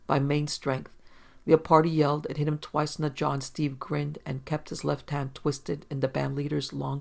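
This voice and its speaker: A man narrating a hard-boiled detective story in a steady, measured reading. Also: a little high, gravelly.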